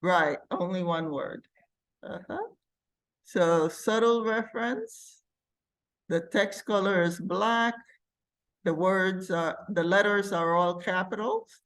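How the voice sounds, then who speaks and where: A woman teaching a live computer class, talking slowly and patiently as she demonstrates each step. She thinks aloud while she clicks and stops to check with her students. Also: on the low side, a bit bright.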